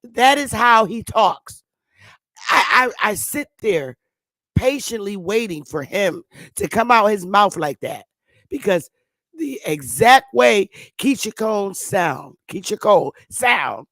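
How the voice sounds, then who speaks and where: A woman hosting her own channel, chatting to viewers in a loose, profane way, laughing often and stammering when she gets excited. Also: mid-range voice, takes it slowly, dry recording, studio quality. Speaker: channel host. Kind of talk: casual commentary to viewers.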